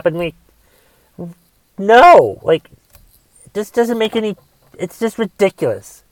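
A man's voice: sits high, lively intonation, a little slow, pauses often, smooth, no echo. A man delivering a solo rant, exasperated and swearing often as he talks. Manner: profane, exasperated ranting with restarts.

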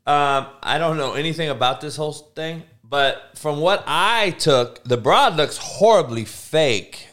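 A young man hosts a livestream, his voice on the high side, a bit bright and animated, moving at an unhurried pace with few pauses. He rants loosely in slangy, profane casual talk, swearing and laughing as he answers viewers.

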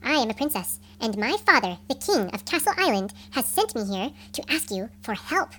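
A woman doing a soft, earnest storybook princess. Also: fairly high pitch, big pitch swings, moderate pace, slight background noise, pitched below the performer's own voice. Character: earnest young princess asking pirates for help.

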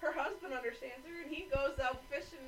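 A woman co-hosting a casual chat, profane and animated as she tells stories. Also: high voice, fairly quick, rough recording.

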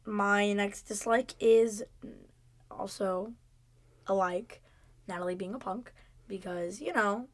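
A woman's voice: mid-range voice, slow, long pauses. A woman co-hosting a casual chat about a TV episode, giving short replies and leading the questions. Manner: responsive, short backchannel replies. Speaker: podcast co-host.

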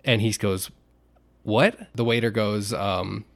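Animated man telling a story on a podcast. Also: mid-range voice, moderate pace. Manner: animated storyteller, acts out quotes with shouts. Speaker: podcast co-host. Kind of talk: casual podcast chat.

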